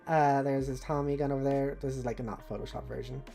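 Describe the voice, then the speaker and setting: A woman's voice: rumbling low, steady tone, quick pace, creaky, mellow, soft background music. A woman streamer chatting casually on a live stream, rambling from one thought to the next. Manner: rambling, jumps between thoughts.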